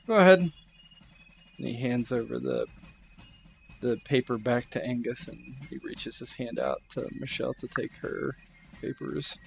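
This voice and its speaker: A man narrating a tabletop game as game master, in a relaxed, loose way. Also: mid-range voice, a little slow, gravelly, pauses often, soft background music.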